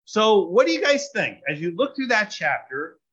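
A man preaching a sermon in short, animated phrases, pausing for an interpreter. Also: sits high, husky. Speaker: pastor. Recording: dull lo-fi sound.

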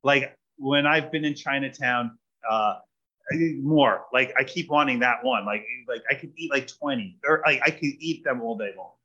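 A man preaching a sermon in short, animated phrases, pausing for an interpreter. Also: medium pitch. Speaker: pastor. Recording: dull lo-fi sound.

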